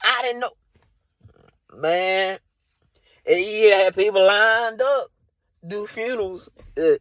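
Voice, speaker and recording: A man's voice: sits high, no room sound. A man doing improvised comedy from inside a car, rambling and leaning on "you know" and "like". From Dallas area.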